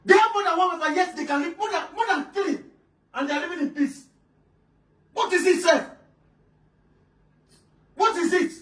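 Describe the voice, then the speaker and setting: A woman playing an exasperated female relative who scolds two quarrelling wives, shouting and stammering repeats. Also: extremely high pitch, normal speed, pauses often. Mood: scolding. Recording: roomy room, voice from a distance.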